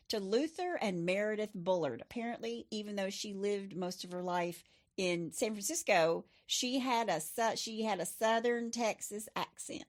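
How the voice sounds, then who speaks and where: A middle-aged woman hosting a true crime podcast, telling the case in a chatty way with personal asides. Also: medium pitch. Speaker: podcast host. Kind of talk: true crime storytelling chat.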